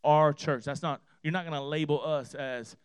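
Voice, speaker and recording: A man preaching a sermon in a church, telling a personal story with emphatic repeated phrases, swinging from hushed to loud. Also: on the high side, fairly even intonation, normal speed, smooth, dry recording. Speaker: pastor.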